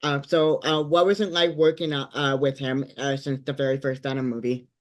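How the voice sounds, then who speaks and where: Halting interviewer, lots of fillers. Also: male voice, medium pitch, little pitch movement. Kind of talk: casual interview questions.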